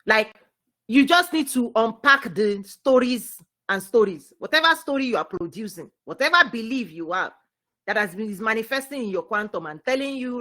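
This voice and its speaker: Animated woman giving a spiritual teaching. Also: high voice, normal speed. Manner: animated preaching, swings loud and soft, repeats words.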